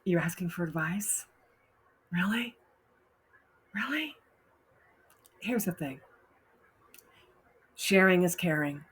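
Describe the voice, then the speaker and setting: A woman's voice: lowish voice, a little slow, pauses often, breathy edge. A woman hosting a casual advice talk, frank and blunt, often laughing as she reads out posts. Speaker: host giving advice.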